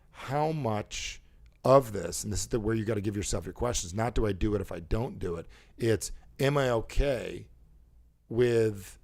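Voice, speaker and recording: A man's voice: fairly low pitch, a little mellow. A man coaching a caller live, emphatic and repetitive, acting out the dialogue he quotes. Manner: emphatic, repeats phrases, acts out quoted dialogue. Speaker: coach and show host.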